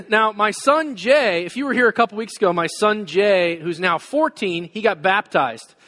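A pastor in his forties telling a personal story in a sermon, with many fillers and frequent throat clearing. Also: high voice, measured pace, sharp tone. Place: church hall. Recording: long hall reverb.

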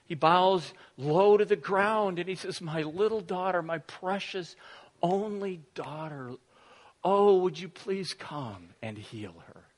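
A middle-aged pastor with a high voice delivers a sermon, weaving a personal story into scripture. He tells it in an animated way, full of fillers and restarts. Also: big-room sound.

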